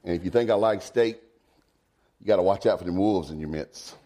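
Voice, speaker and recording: A man, preaching a folksy sermon. He swings from low asides to high, emphatic exclamations. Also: brisk, warm tone, a little hiss or hum. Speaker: pastor.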